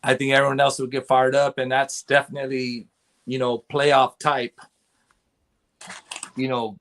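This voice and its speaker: A man talking as a guest in a casual chat, excited and rambling. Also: medium pitch, unhurried. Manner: excited, rambling fan talk. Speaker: podcast guest.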